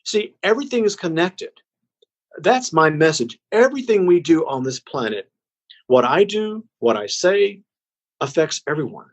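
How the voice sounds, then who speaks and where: Male podcast guest, husky and earnest, emphatic spiritual delivery, dull lo-fi call audio. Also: on the high side, big pitch swings. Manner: earnest, slow and emphatic, preaching tone. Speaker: interview guest. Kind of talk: heartfelt spiritual message.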